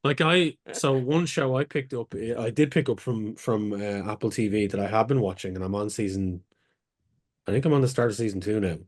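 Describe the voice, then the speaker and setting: A man's voice: lowish voice, brisk, no echo, clean studio sound. A man co-hosting a podcast in casual chat, enthusing about a series in long rambling turns. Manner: rambling enthusiast with many restarts and fillers. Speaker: podcast co-host.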